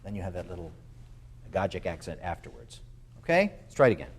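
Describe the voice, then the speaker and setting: Speaking fast in a low, slightly breathy voice with big pitch swings, a man coaches a music masterclass. He's a clinician who talks at length, leans on fillers, and demonstrates by singing phrases on syllables.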